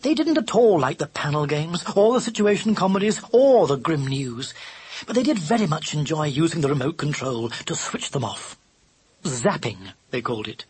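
A narrator reading a children's novel aloud in an expressive, animated storytelling manner. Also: medium pitch, moderate pace, breathy edge. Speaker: audiobook narrator.

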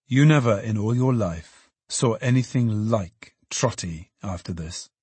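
A man narrating a classic novel in an expressive storytelling manner. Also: on the low side, measured pace, slightly rough, no room sound. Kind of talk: audiobook narration.

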